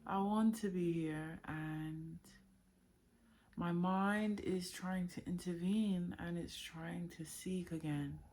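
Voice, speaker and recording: Slow, soft-spoken woman sharing feelings. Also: on the low side, fairly even intonation. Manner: halting, searching for words, soft-spoken. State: emotional. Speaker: spiritual vlogger. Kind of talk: unscripted heartfelt monologue.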